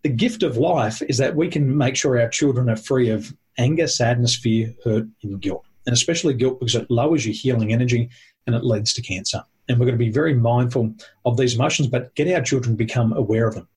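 A man's voice: mid-range voice, brisk, a little mellow, slightly rough. A man talking with a host, explaining points in a teacherly, emphatic way and listing them one by one. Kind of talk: conversational explaining.

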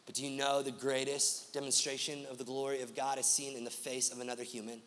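A man's voice: mid-range voice, flat delivery, fast talker, a bit bright, long reverb tail. A man pastor preaching a sermon, driving his points home with rhythmic repeated lists.

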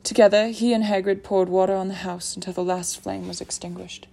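A woman's voice: medium pitch, steady tone, brisk, creaky, dark tone. Woman reading a novel aloud. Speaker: audiobook narrator. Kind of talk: scripted narration.

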